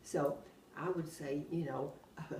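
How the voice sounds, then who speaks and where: An older woman with a drawl spins long, winding anecdotes, her voice sitting a little low. She sounds set back from the mic in a roomy space, with a faint hum behind her. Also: slow pace, recorded from a distance. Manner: rambling, animated, often laughing while telling anecdotes. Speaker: oral history interviewee. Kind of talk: casual storytelling.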